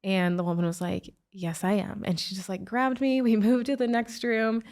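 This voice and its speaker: A woman's voice: mid-range voice, little pitch movement, normal speed, darkish tone. A woman guest recounting a painful personal story in an interview, emotional and full of "like" fillers. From United States. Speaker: guest, author and speaker.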